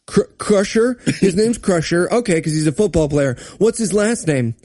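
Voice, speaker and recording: Man, podcast co-host, bouncy high voice, dry sound, joking banter. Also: animated, normal speed, a little mellow, no room sound. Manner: joking, acts out characters mockingly. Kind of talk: comedic banter.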